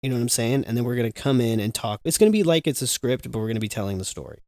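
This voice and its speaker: Male podcast co-host, mid-pitched, joking and profane, dry close mic. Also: expressive, racing, darkish tone, dry recording. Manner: loose, profane, rambling and joking. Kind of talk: casual podcast chat.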